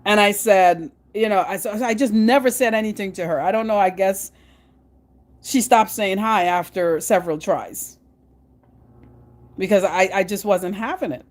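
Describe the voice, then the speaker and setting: A middle-aged woman from Guyana with a Guyanese accent, chatting to her vlog audience in an animated, storytelling way with frequent restarts. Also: mid-range voice, moderate pace. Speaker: vlogger. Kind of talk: casual monologue.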